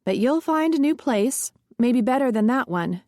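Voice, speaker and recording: A woman's voice: sits high, animated, moderate pace, darkish tone, no echo, clean studio sound, pitched above the performer's own voice. A woman voicing an anxious grown son who tries to placate his demanding mother. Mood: anxious pleading. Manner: nervous, eager to please.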